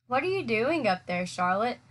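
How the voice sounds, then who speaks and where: A woman's voice: a little high, very animated, moderate pace. Woman reading as a pig, young, male, anxious, pleading, storybook voice.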